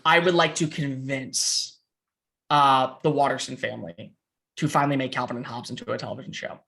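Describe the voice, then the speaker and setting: Excitable young man, bright voice. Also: medium pitch, gravelly. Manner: excitable, fast, with playful put-on voices and profanity. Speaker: podcast guest. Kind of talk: casual chat.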